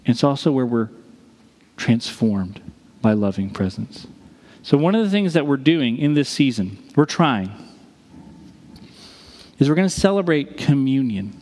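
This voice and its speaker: A man preaching a sermon as a pastor, telling a story with dramatic pauses. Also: medium pitch, big pitch swings, darkish tone, in a large hall.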